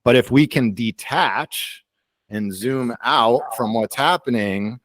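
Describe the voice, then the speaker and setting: A man hosting a video call, calmly explaining ideas and slowing down to stress his points. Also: mid-range voice, no echo. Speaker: host of a community call. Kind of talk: casual teaching on a video call.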